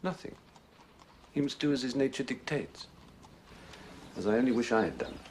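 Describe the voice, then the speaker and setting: An actor playing a flamboyant, witty middle-aged Victorian writer who talks in florid, languid phrases. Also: male voice, mid-range voice, animated, normal speed, a little mellow, slight background noise, natural voice. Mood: earnest. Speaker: celebrated writer and father. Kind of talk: period film acting.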